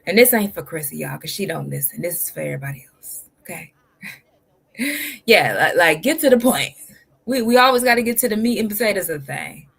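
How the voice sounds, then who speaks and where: A woman's voice: mid-range voice, sing-song, a little fast, creaky, a bit bright, breathy edge. A woman hosting a reaction video, talking bluntly and emphatically. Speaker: reaction channel host. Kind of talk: casual commentary.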